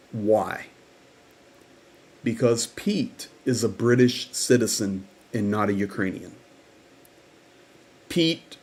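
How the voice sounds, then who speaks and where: A man hosting a livestream who tells his account slowly and earnestly. His voice sits at a middle pitch, and he takes his time with his words. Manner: slow, earnest storytelling. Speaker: host. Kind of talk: livestream update.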